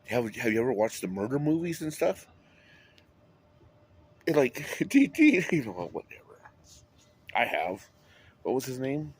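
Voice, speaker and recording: A man's voice: mid-range voice, very animated, unhurried, long pauses, breathy edge. A man talking in a rambling monologue, drifting between topics and swearing often. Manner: rambling, wandering, with frequent swearing.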